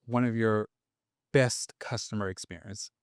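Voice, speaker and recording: A podcast host who asks rambling, animated questions full of restarts and "like.". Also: medium pitch, measured pace, no room sound, clean studio sound. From Tennessee, US. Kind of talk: casual interview conversation.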